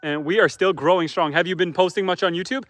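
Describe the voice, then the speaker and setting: A man's voice: high voice, fast talker, a bit bright, dry recording. A man from Canada, a homesteader, chatting casually on a livestream outdoors by a campfire, reading viewer comments aloud and answering them.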